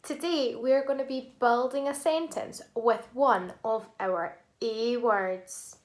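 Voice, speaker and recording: A woman teacher with a high, light voice takes a children's phonics lesson at a very slow, deliberate pace. She sounds encouraging and leaves pauses for the little ones to repeat after her. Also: a little mellow.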